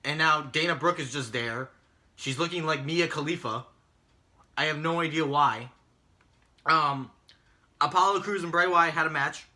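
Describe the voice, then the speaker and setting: Bright-voiced man ranting. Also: on the high side, moderate pace, pauses often. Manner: exasperated, mocking, swears often. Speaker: podcast co-host recapping wrestling. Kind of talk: casual profane rant.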